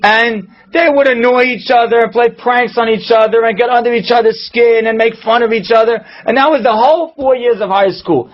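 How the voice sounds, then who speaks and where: A male rabbi telling a moving story in a sermon, dramatic, and dropping soft and low at the tense moments. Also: steady tone, a little fast, hardly any pauses. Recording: dull lo-fi recording.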